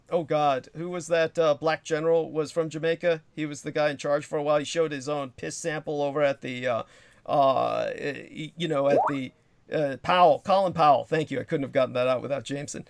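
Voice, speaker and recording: A man's voice: on the high side, steady tone, moderate pace, gravelly, clear, resonant tone, no echo. A man hosting a livestream, telling a long rambling story in a profane, digressive way and reading out comments from the chat as he goes. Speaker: livestream host.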